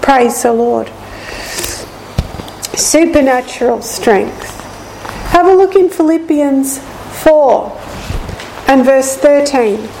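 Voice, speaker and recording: Speaking in a high, mellow voice with soft edges and a gravelly texture, a woman preacher gives a slow, deliberate Bible lesson and says each important line twice. Her intonation is lively, though the audio quality is poor and faint room ambience hums underneath.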